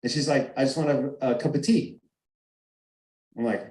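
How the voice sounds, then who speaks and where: A man's voice: mid-range voice, normal speed, long pauses, darkish tone, echoey room, low-quality recording. A man telling a personal story over a video call, emphatic and acting out the arguments he quotes. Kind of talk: animated storytelling. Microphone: video call mic.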